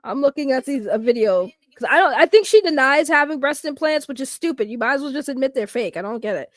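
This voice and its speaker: A young woman talks loudly and excitably, laughing often as she riffs with her stream chat. Her voice sits high and is captured close and dry, with no room around it. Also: fast, no echo. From Boston, Massachusetts. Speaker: streamer reacting to videos. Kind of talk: casual reaction stream chat.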